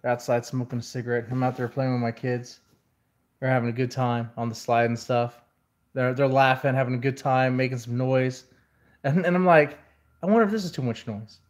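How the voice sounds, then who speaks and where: A man's voice: medium pitch, little pitch movement, normal speed. Rambling exasperated man vlogging. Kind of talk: casual venting monologue.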